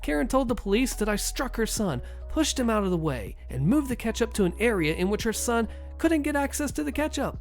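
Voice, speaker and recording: A man's voice: very high voice, big pitch swings, fairly quick, hardly any pauses, faint music behind. A man hosting a podcast, reading online stories aloud with wry, exasperated asides. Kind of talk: storytelling narration with casual commentary.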